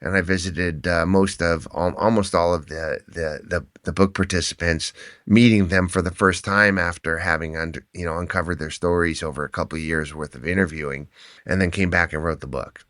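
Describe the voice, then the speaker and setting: A man, an endurance athlete and author, telling animated stories as a podcast guest and often restarting his words. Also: low-pitched, fairly quick, dry recording, clean studio sound. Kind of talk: conversational podcast storytelling.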